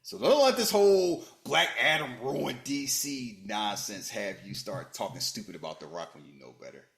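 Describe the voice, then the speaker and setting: A podcast host chatting about movies with a bouncy, wide-ranging voice. He jokes freely and swings from loud outbursts to low asides. The sound carries a roomy echo. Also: moderate pace, gravelly. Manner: animated, joking, swings between loud bursts and low muttering. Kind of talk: casual movie chat.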